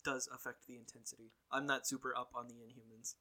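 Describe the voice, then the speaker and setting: A man's voice: mid-range voice, little pitch movement, fast talker, bright, forceful tone, husky. A man casually recapping a TV episode as a podcast co-host, with dry, laid-back asides. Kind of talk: casual chat.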